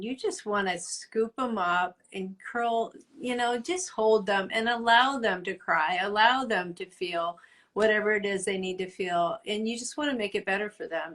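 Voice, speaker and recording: Middle-aged woman, podcast co-host; earnest, encouraging, quick to laugh. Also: mid-range voice, fairly bright tone. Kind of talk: casual faith chat.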